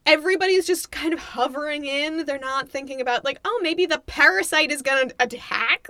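A woman's voice: sits high, fairly quick, hardly any pauses, pushed and bright, no room sound, studio quality. A woman co-hosting a podcast, giving sarcastic, giggly movie watchalong commentary with a lot of disbelief at what's on screen. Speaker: podcast co-host.

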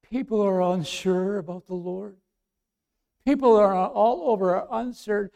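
A male pastor preaching a sermon, swinging from loud emphatic lines to soft quiet asides. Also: sits high, measured pace, vocal fry.

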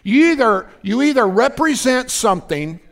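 A man's voice: very high voice, sing-song, normal speed, fairly bright tone. A man preaching a fervent sermon as pastor, often breaking in with "praise God" and asking if the congregation is listening.

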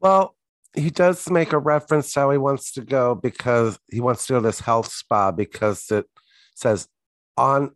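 A man's voice: medium pitch, no room sound. A man co-hosting a podcast, chatting casually and wryly about a TV episode, often in brief replies. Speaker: podcast co-host. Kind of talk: casual chat recapping a TV episode.

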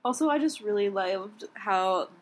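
A woman chats casually on a podcast with a hesitant, filler-heavy delivery. Her pitch moves in a lively way. Her voice has a slightly husky, breathy edge. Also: measured pace, low-quality recording. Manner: chatty, hesitant, lots of fillers and laughter. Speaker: podcast co-host. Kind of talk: casual chat.

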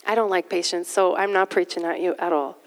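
A woman's voice: fairly low pitch, fairly even intonation, brisk. Woman preaching in a reverberant hall. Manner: conversational, self-deprecating asides. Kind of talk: sermon.

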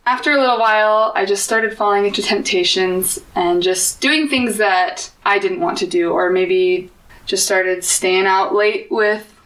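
A woman's voice: mid-range voice, unhurried, fairly bright tone, recorded from a distance. A young woman, an interview guest, telling a personal story in an earnest, open way. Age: young adult. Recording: echoey room, voice a bit off-mic.

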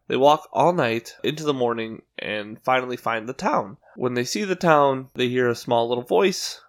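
A man co-hosting a podcast, recapping a cartoon in rambling, animated casual chat. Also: mid-range voice. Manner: rambling, animated retelling with quick put-on quotes. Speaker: podcast co-host.

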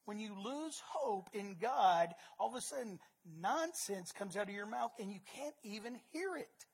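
A woman preaching a sermon, emphatic, repeating words and swinging between loud and soft. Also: mid-range voice, lively intonation, unhurried, husky.

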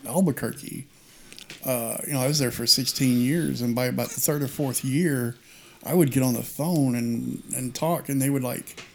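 A man from Texas shares an anecdote in relaxed conversation. His voice is mid-pitched and easy. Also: moderate pace, vocal fry, a little hiss or hum. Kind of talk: casual chat.

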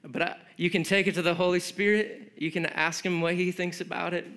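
Pastor, male, talks earnestly and conversationally, voice on the high side. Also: little pitch movement, fairly quick, a bit bright. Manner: earnest, conversational with fillers and restarts. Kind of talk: sermon.

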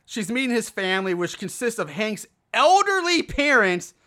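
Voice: mid-range voice, normal speed. A co-host casually retelling a film's plot, swearing often and sounding exasperated at what happens. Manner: profane, animated, exasperated retelling. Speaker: podcast co-host. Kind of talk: casual movie recap chat.

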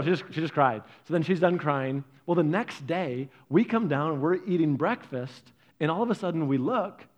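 Male pastor, fairly high voice, anecdotal sermon delivery that acts out the characters in his stories. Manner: animated storytelling, acts out family members' voices.

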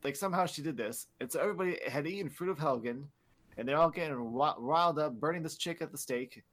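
Young man, casual podcast chat, profane, animated, slightly high voice. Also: fast talker. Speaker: podcast co-host.

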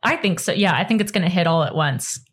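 A woman's voice: fairly low pitch, animated, quick pace, breathy edge. A young woman co-hosting a podcast in casual chat, giggly and playful, making up jokey sayings. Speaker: podcast co-host.

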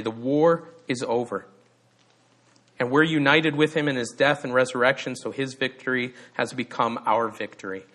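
A man's voice: mid-range voice, pushed and bright. A man preaching a sermon as pastor, speaking earnestly and with emphasis, asking rhetorical questions.

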